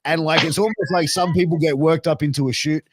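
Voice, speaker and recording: A man's voice: fairly high pitch, steady tone, fast, no room sound, clean studio sound. A man hosting a podcast, casual and stammering, filling his questions with like and bro. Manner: laughing, stammering, uses bro and like a lot. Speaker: podcast host.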